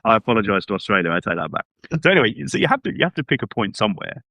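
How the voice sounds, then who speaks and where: A deep-voiced man hosts a relaxed podcast discussion, thinking out loud and checking in with tags like "right?" and "isn't it?". His voice comes through dry and close on a video call mic. He keeps a casual, conversational pace. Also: rapid-fire, no room sound, dull audio. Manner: relaxed, reasoning aloud with rhetorical tags. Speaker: podcast host.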